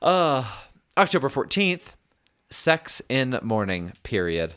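A man in casual podcast chat who reads notes out and teases. His pitch is animated and he breaks into laughs often. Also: slow pace, smooth. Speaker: podcast co-host. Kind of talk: casual chat, reading a diary aloud.

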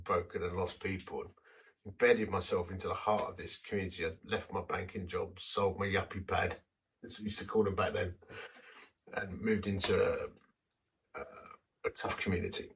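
A man's voice: sits low, fairly bright tone, slightly rough, distant mic, poor audio. A man preaching a sermon, telling a personal story in a conversational, self-deprecating way.

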